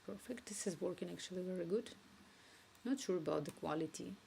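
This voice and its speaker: A woman streaming herself coding, thinking aloud and dictating requests haltingly into a cheap microphone at home. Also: on the low side, creaky, dark tone, slight background noise.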